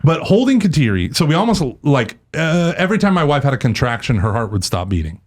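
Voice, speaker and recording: A man's voice: on the high side, fast. A man chatting as a podcast guest, telling stories animatedly and often slipping into other people's voices. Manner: animated storyteller, does voices and laughs often. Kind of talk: casual chat.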